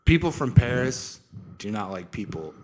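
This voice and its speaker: A young man co-hosts a podcast, retelling history like a story told to a friend. His delivery is animated and loose, laced with swearing and constant "dude.". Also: lowish voice, moderate pace. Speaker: podcast co-host. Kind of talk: casual chat.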